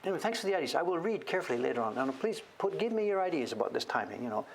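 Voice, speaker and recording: A man's voice: a little high, sing-song, very fast, vocal fry, a little hiss or hum. An older man from Canada chatting casually on a livestream, rambling as he works on a carving. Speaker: woodblock printmaker streaming live.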